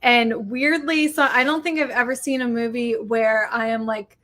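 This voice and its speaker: A woman's voice: fairly high pitch, fairly even intonation, normal speed, fairly bright tone. A woman co-hosting a casual podcast chat, talking in a chatty way with many filler words. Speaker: podcast co-host.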